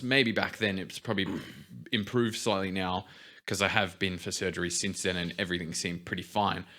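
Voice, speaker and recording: Bright-voiced young man. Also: lowish voice. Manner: relaxed storyteller, explains things with many fillers. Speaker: podcast co-host. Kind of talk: casual podcast chat.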